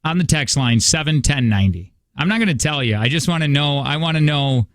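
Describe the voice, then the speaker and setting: A man's voice: on the high side, animated, fairly quick, no echo. A man in his thirties hosting a morning radio show, rambling through stories in casual chat. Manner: rambling storyteller, chatty. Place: radio studio. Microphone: studio microphone.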